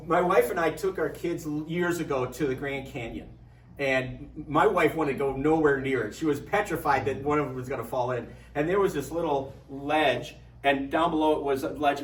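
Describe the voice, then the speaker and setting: A middle-aged man giving a lively, joking parish talk to an audience, telling stories as he goes. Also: a little high. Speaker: adult formation speaker. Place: parish hall. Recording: echoey hall from far off.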